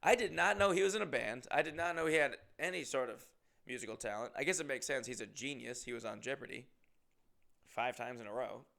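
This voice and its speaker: A comedian from Massachusetts telling a rambling, profane story in a casual way and acting out what people said. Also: male voice, mid-range voice, brisk, creaky, sharp tone. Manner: rambling, profane, acts out quotes. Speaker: comedian and podcast host.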